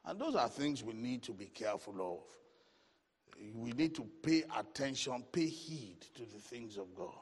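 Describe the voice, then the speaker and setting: A man teaching a Bible study in a lively preaching manner, with rising exclamations and playful asides. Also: mid-range voice, a little slow, breathy edge, in a large hall.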